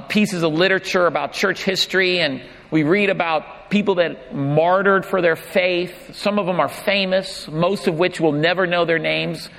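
A middle-aged man delivers a sermon, mixing light humor with reflection. His voice sits a little high for a man. The long reverb of a large church hall rings around him. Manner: warm humorous storytelling turning reflective. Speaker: pastor.

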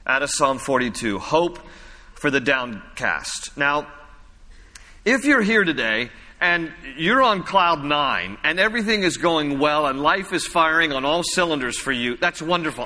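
A man's voice: fairly high pitch, bright, forceful tone, big-room sound. A man preaching a sermon as a pastor, conversational and repeating phrases for emphasis.

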